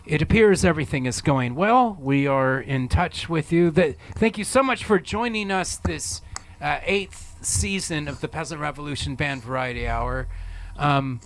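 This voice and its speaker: A man hosting a comedy variety show, musing in a halting, mock-solemn way. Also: on the high side, a bit bright. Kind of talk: deadpan comic hosting.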